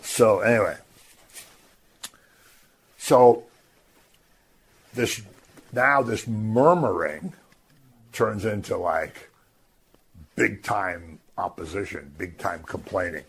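A man teaching from the Bible in a lively, conversational way, acting out the crowd's voices. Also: fairly low pitch, takes it slowly, gravelly, pauses often, husky. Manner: animated, acts out voices of the crowd. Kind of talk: scripture teaching.

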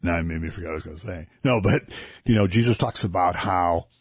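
A man chatting casually about scripture on a talk show, relaxed and chuckling as he tells stories. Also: low-pitched, fast talker, breathy edge, no echo, clean studio sound. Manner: conversational, chuckling, relaxed storytelling. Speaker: co-host discussing scripture. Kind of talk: casual Bible discussion.

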